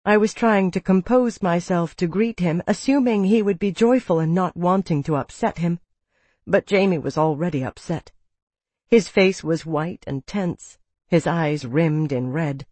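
An audiobook reader narrating a story in the first person, calm and steady. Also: mid-range voice, unhurried, no room sound.

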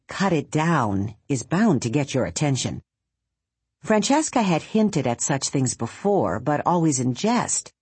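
A woman narrating a children's audiobook in a soft storytelling manner. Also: sits low, breathy edge, no echo. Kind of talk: scripted narration. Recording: dry close studio sound.

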